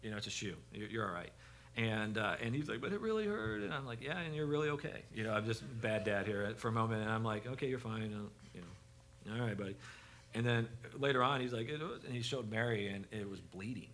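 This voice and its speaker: A man on a church parenting panel, telling a story with a self-deprecating, halting delivery full of restarts. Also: lowish voice, fairly even intonation, a bit bright, a little hiss or hum.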